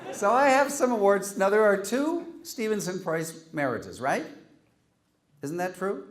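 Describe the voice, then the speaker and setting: A man's voice: sits high, animated, unhurried. Wry man handing out joke awards. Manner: wry, teasing, reads Latin quotes aloud. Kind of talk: humorous after-dinner award speech.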